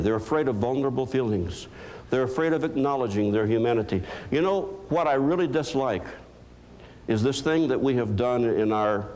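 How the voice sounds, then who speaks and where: A man's voice: fairly low pitch, darkish tone. Earnest, emphatic male lecturer. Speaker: psychologist lecturer. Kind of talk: motivational lecture.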